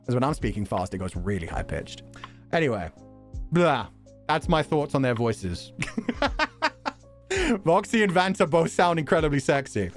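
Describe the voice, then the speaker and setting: Animated, quick-talking young man streamer. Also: a little high, soft background music. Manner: animated, quick talker who laughs often. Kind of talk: casual chat.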